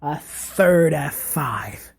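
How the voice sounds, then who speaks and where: A man's voice: fairly high pitch, lively intonation, husky. A man casually narrating a wrestling match play by play in an offhand way, correcting himself as he goes. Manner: unhurried, offhand storytelling with self-corrections. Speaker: wrestling fan recapping an imagined match.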